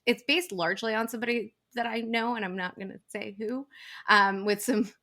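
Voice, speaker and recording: Bright-voiced Texan woman, chatty. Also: fairly high pitch, steady tone, a little fast. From Texas, El Paso. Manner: chatty, rambling with restarts. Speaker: voice actor interviewee. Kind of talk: casual remote interview.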